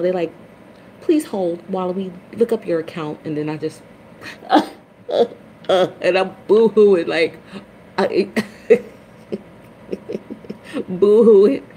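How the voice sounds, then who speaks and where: A woman hosting a casual spiritual livestream chat, chatty and expressive, greeting viewers by name. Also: a little fast, slight background noise, low-quality recording. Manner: dramatic swings into high, loud retellings. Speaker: livestream host.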